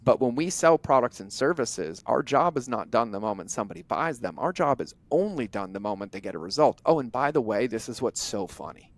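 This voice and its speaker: A middle-aged man, a podcast guest, telling stories in a blunt, animated way and acting out bits of dialogue as he goes. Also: mid-range voice, dry recording. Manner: animated, acts out imagined dialogue in quick bursts; blunt, drops the odd curse. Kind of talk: conversational interview storytelling.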